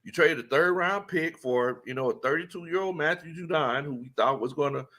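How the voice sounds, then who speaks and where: Male stream host, higher voice, lively, laughs a lot, greets viewers by name. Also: moderate pace. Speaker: sports talk host. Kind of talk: casual live-stream chat.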